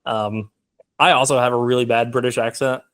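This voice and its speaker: A man's voice: mid-range voice, fairly even intonation, fairly quick, fairly bright tone. A young man talking casually as a film guest in an interview, rambling with many fillers. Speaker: filmmaker guest.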